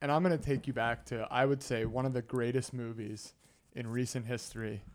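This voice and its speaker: A man's voice: medium pitch, brisk. A man co-hosting a sports betting podcast, telling stories in casual banter and acting out movie scenes. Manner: storytelling, animated retellings of movie scenes. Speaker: podcast co-host.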